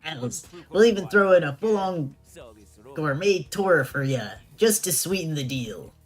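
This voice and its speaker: Streamer reads as cocky pirate captain, put-on pirate accent, menacing, pitched up, unhurried delivery. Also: lively intonation, faint music behind, natural voice. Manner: growling old-timey pirate speech. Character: swaggering male pirate kidnapper captain. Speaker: streamer reading game dialogue.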